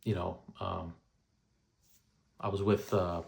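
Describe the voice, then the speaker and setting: A man's voice: low-pitched, level tone, slow pace, creaky, darkish tone. A man in his thirties casually telling a first-person story, rambling with lots of "you know" and "right?". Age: 30s. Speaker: vlogger recounting paranormal experiences.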